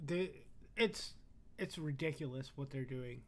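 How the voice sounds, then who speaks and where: A man's voice: medium pitch, a little slow. A man co-hosting a wrestling podcast in casual chat, sarcastic and swearing, with hesitant fillers. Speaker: podcast co-host.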